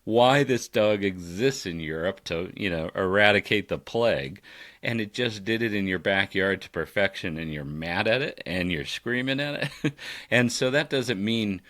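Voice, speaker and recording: A man, a dog trainer, talking casually on a podcast and telling animated stories with frequent laughs. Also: lowish voice, normal speed. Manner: animated storyteller, laughs often.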